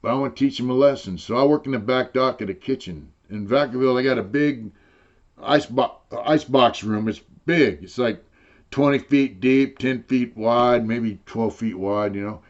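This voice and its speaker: Older male interviewee, mid-pitched, loose and profane storyteller, slightly dull lo-fi audio. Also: unhurried. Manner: rambling, profane, full of "you know". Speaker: interviewee telling prison stories. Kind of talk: casual storytelling.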